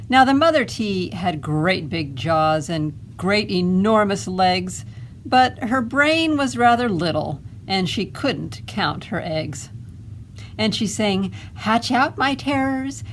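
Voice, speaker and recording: A woman librarian reading a picture book aloud at children's storytime, expressive and asking little questions. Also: mid-range voice, slight background noise.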